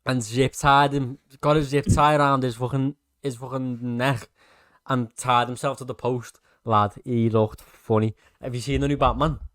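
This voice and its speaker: A young man with a Liverpool accent hosting a podcast, talking in blunt, excitable, sweary banter. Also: mid-range voice, moderate pace, dry recording, clean studio sound. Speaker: podcast host. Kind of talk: casual chat.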